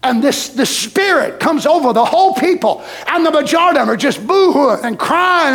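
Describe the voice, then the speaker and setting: A man preaches, and his voice sits unusually high. He pastors a church and drives his sermon home by repeating phrases, then breaking into shouts. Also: expressive, normal speed, hardly any pauses. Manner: preaching with emphatic repetition and bursts of shouting.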